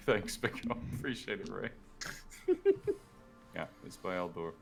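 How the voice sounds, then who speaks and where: A man's voice: deep voice, lively intonation, measured pace, vocal fry, music in the background. A man playing in a tabletop game, chatting casually, joking and swearing. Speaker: player.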